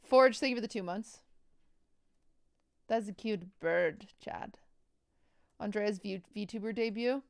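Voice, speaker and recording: Gravelly-voiced woman streamer, dry and close. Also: mid-range voice, slow pace, long pauses, no room sound. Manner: playful, joking, thanks chat subscribers. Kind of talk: casual live-stream chat.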